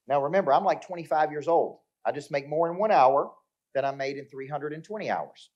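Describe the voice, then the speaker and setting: A man's voice: fairly high pitch, brisk, a little mellow, lo-fi sound. Man giving a motivational talk. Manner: storytelling with acted-out dialogue and crowd check-ins. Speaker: motivational speaker. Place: live event before an audience.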